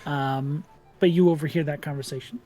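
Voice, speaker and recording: A man's voice: a little high, moderate pace. Dm guy narrating the game, easygoing, lots of ums, faint music behind. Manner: relaxed, chatty with fillers and laughs. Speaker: game master.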